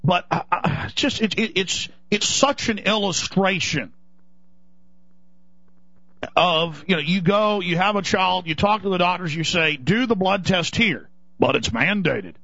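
A man's voice: high-pitched, expressive, measured pace, vocal fry, sharp tone, no room sound. Indignant ranting talk radio man. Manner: urgent, indignant ranting with mocking put-on voices. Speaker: radio talk show host. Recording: dull lo-fi radio broadcast.

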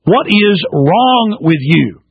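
A man's voice: high-pitched, sing-song, slow pace, gravelly, breathy edge, dry recording. A man hosting a talk radio show, ranting in an emphatic way, with stumbling restarts and strings of rhetorical questions. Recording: slightly muffled radio broadcast.

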